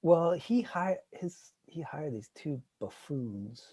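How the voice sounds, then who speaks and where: A man co-hosting a casual chat, telling a story animatedly and acting out other people's lines loudly. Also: on the high side, animated, takes it slowly, breathy edge, no room sound. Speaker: co-host.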